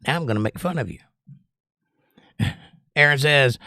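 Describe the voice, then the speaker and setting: A man's voice: medium pitch, moderate pace, long pauses, dry recording, clean studio sound. An older man hosting a music livestream, reading viewers' comments aloud in a casual, joking way. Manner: animated, reads chat aloud and jokes.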